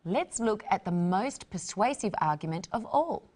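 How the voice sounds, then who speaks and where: A woman presenting an English lesson, explaining words slowly in a scripted teaching style. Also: medium pitch, lively intonation, darkish tone. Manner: slow, explanatory.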